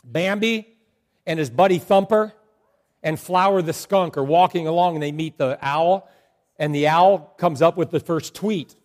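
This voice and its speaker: A man preaching a sermon to a congregation, telling jokes and animated stories. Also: on the high side, a little slow. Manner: joking, animated storytelling to a congregation. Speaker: pastor.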